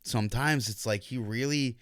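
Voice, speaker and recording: Smooth-voiced, profane podcast guy. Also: mid-range voice, moderate pace, a bit bright, no room sound, clean studio sound. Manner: profane, sarcastic, rambling. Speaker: podcast co-host. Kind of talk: casual chat.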